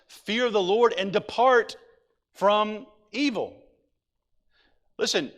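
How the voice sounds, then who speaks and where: Male pastor, high-pitched tenor, reads scripture and preaches with building urgency. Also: a bit bright. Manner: reads scripture aloud then preaches, rising to urgent pleading. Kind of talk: sermon.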